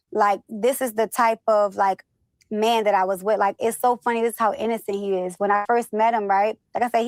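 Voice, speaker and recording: A woman from the northern United States, an interview guest telling stories in a lively, chatty way and acting out quoted dialogue. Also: medium pitch, dry recording. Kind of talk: casual storytelling chat.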